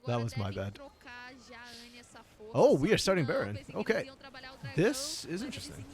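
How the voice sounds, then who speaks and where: An esports caster from outside the United States, mixing live play-by-play with casual chat and reacting out loud to the plays. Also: medium pitch, huge pitch swings, moderate pace.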